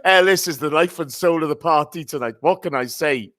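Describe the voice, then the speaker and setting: A man's voice: on the high side, brisk, a bit bright, no room sound. Chatty man hosting a podcast. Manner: chatty, greets listeners by name. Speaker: podcast host. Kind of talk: casual football podcast chat.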